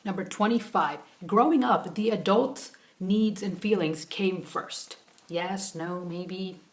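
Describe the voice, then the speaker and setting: Young female YouTuber, casual chat, hushed questions, animated rambling rants. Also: medium pitch, slow pace. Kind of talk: casual vlog chat, taking a quiz.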